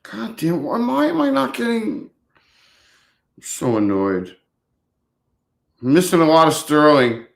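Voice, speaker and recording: A man's voice: a little high, big pitch swings, unhurried, creaky, long pauses. A man hosting a casual live stream, rambling to his viewers and talking to his dogs.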